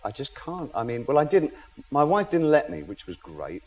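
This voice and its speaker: A man's voice: fairly high pitch, sing-song, normal speed, very noisy. A man in his fifties, a chat show guest in a television studio, telling self-mocking anecdotes and laughing through them. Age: 50s.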